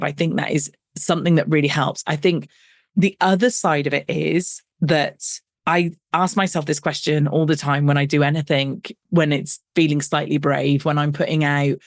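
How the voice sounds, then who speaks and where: A woman's voice: low voice, little pitch movement, moderate pace, no echo, clean studio sound. A middle-aged woman, a business coach interviewed as a guest, telling her story animatedly and acting out the dialogue with self-deprecating humour. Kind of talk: conversational storytelling.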